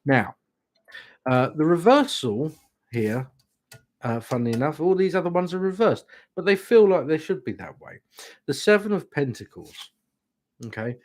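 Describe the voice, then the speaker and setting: A man hosting a live-streamed tarot reading, talking gently and reassuringly and checking in with the listener as he goes. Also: a little high, expressive, moderate pace, pauses often, dry recording. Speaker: tarot reader and stream host.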